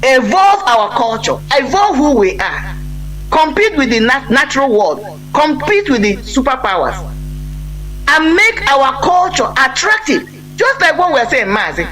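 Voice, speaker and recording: A man's voice: very high voice, sing-song, measured pace, sharp tone, soft background music, poor audio. A man, speaking as a guest on a live broadcast in an earnest, emphatic way, often breaking off and restarting his sentences. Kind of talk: impassioned conversational talk.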